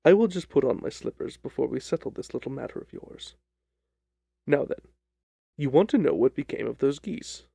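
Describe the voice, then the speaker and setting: Brief: composed, ironic sleuth, gravelly and dark in tone, dry close recording, read by a man. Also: mid-range voice, animated, no room sound. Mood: sly. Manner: measured, dryly ironic. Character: calm, sly, confident male detective. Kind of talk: audiobook reading of a detective story.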